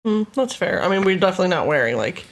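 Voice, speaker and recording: A woman's voice: fairly low pitch, sing-song, fast. Playful American woman, podcast co-host. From United States. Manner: playful, giggly banter. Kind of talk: casual chat.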